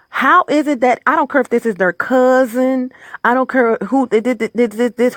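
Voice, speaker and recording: A woman's voice: medium pitch, vocal fry, dry recording, clean studio sound. A woman hosting her own video, delivering a heated, exasperated rant full of stammers and restarts. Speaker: vlog host. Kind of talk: angry personal rant.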